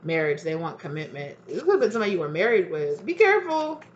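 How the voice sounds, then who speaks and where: A woman's voice: low voice, lively intonation, fast talker, dull audio, a little hiss or hum. A woman giving a casual tarot reading, talking in a loose, chatty way and acting out what friends might say. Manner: chatty, acts out quoted friends with lots of "like". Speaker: tarot reader.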